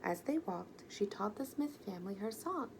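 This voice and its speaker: A woman gently and expressively reading a children's picture book aloud. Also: mid-range voice, expressive, moderate pace, gravelly, a little hiss or hum, poor audio. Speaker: storyteller.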